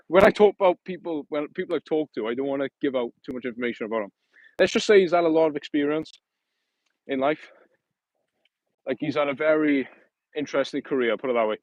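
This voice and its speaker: A man's voice: mid-range voice, no echo, lo-fi sound. A man hosting a casual livestream outdoors, rambling and correcting himself in a friendly, matey way. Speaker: livestream host.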